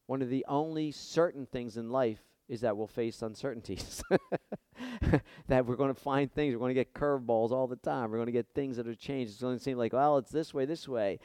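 A man preaching a sermon, impassioned, dropping soft and then rising loud and high when he voices prayers. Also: smooth, no room sound.

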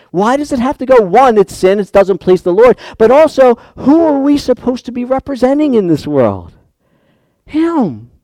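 A man preaching a sermon, shifting from quiet personal storytelling to loud, fervent calls. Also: a little high, no echo. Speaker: pastor.

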